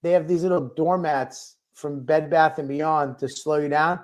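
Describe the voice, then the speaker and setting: A man's voice: fairly high pitch, steady tone, moderate pace. A male comedian telling a self-mocking story in casual, rambling talk with crude language. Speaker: comedian guest.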